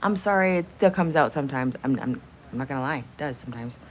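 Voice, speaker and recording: A woman's voice: a bass voice, animated, quick pace. A woman hosting a live stream in casual chat, blunt and profane, bantering with her viewers and laughing often. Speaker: livestream host.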